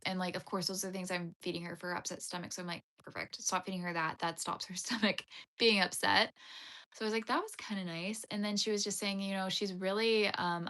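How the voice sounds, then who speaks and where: A young Canadian woman hosting a crochet livestream, chatting casually as she tells a long rambling story and acts out the people in it. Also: fairly low pitch. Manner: rambling, animated retelling with quoted voices.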